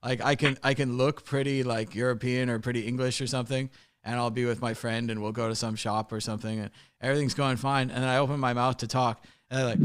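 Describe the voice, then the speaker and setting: A man's voice: mid-range voice, level tone, fast talker, smooth. An American man hosting a casual chat, joking and telling rambling stories. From United States. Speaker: host.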